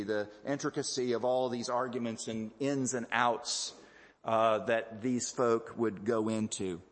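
Male pastor giving a teaching sermon; mid-pitched, halting, with a long hall reverb. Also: a bit bright. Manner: explanatory, halting with fillers and repeats. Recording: echoey hall.

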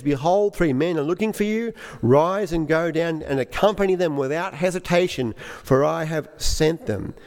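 A man preaching a sermon, explaining scripture in a halting way and often repeating words. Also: a little high, vocal fry, darkish tone, in a large hall.

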